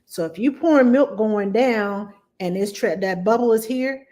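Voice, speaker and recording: A middle-aged nanny hosting a casual live stream, her voice pitched in the ordinary middle range for a woman. She chats with viewers, greets them by name, and walks through her advice one step at a time. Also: measured pace, a little mellow. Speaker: nanny giving parenting advice.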